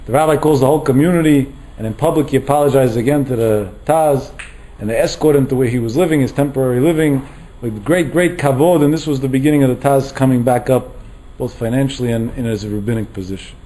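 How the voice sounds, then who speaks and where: Animated rabbi telling a story. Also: male voice, mid-range voice, rough recording. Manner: animated storyteller, mixes Hebrew terms into English. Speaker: rabbi lecturer. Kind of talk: Torah lecture storytelling.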